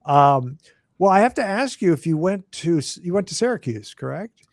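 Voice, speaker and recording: A man's voice: high voice, expressive, normal speed, darkish tone, no echo, clean studio sound. A man in his fifties hosting a casual interview, asking eager questions like an enthusiastic fan. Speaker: podcast host.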